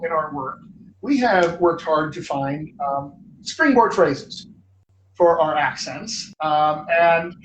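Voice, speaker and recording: Male coach, fairly high voice, heard distant in a roomy space with faint hiss. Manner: chatty, reads questions aloud, playful nagging. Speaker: dialect coach, host. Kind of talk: live-stream Q&A. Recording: echoey room, from far off, faint noise.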